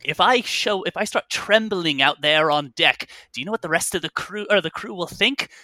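A man's voice: high voice, expressive, moderate pace, pushed and bright, no echo, voice pushed up, exaggerated voice. A man voicing a blustering, demanding ship captain. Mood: pleading, demanding. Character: stressed ship captain, male, middle-aged, demanding and blustering.

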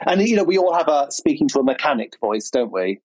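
Relaxed man with a Southern English accent. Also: mid-range voice, fast talker, no echo, low-quality recording. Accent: Southern English, partly Reading. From Berkshire, England. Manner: relaxed storyteller, many fillers. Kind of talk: casual podcast chat.

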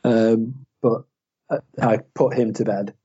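A tired man with a mellow, slightly husky voice tells casual stories as a podcast co-host, often laughing at himself. The audio is dull and lo-fi. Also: fairly low pitch, steady tone, slow. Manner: laughing, storytelling, self-deprecating. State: tired from lack of sleep. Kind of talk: casual chat. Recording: dull lo-fi sound.

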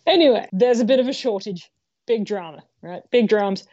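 A woman's voice: medium pitch, lively intonation, moderate pace, dark tone, dry recording, highs cut off. A woman co-hosting a podcast, telling news stories in a chatty, playful way. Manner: chatty storyteller, playful asides. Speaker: co-host. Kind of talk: casual podcast news chat.

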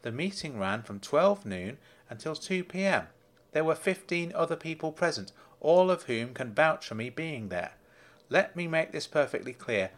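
A man's voice: fairly high pitch, very animated, normal speed, a bit bright, pitched above the performer's own voice. A man voicing a firm, insistent wealthy businessman in a storybook reading. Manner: blunt and insistent.

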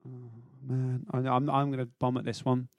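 A man's voice: medium pitch, level tone, moderate pace, a little mellow, no echo, studio quality. A man co-hosting a football podcast in casual chat, teasing, giggling and apologising. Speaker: podcast co-host.

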